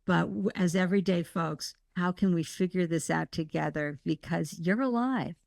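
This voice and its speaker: A woman guest talking in an interview, passionate and emphatic, with animated bursts of enthusiasm. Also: on the low side, normal speed, gravelly, dry recording, studio quality. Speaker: guest, startup mentor and podcast host. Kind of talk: conversational interview.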